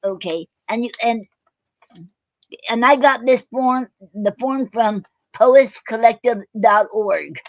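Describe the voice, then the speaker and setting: Halting woman hosting a poetry show. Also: fairly high pitch, dry recording, rough recording. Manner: halting, many fillers and self-corrections. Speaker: host of an online poetry show. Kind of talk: casual live-stream chat.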